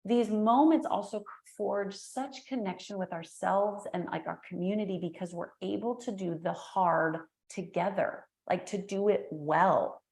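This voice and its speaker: A middle-aged woman, a guest entrepreneur and speaker, talking in an energetic, animated way and acting out the voices in her stories. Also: mid-range voice, measured pace, hardly any pauses. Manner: energetic, animated storyteller who acts out quotes. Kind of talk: casual interview chat. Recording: echoey room.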